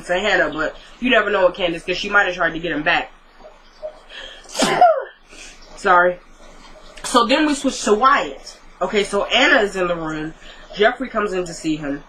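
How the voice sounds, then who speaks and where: A woman's voice: on the low side, sharp tone, slight background noise, low-quality recording. A woman casually recapping a TV drama episode, retelling scenes by quoting the characters, with many likes and asides. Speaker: TV recap vlogger.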